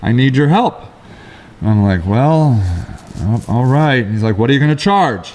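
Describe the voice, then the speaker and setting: A middle-aged man co-hosting a casual talk show, telling rambling stories in quick, lively bursts. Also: mid-range voice, slight background noise. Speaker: co-host. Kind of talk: casual chat.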